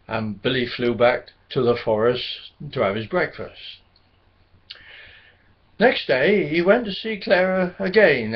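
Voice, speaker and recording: Slow, gentle male storyteller. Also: medium pitch. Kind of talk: children's storybook narration. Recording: dull lo-fi recording.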